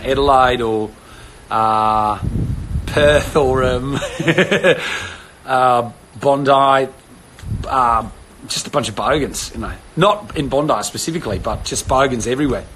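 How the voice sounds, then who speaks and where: A cheery Australian bloke, laid-back and chummy, talking up his mates, as a man puts the accent on for a livestream. The voice stays at an everyday middle pitch, with a faint room hum behind it. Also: fairly bright tone, natural voice, rough recording. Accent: Australian, put on.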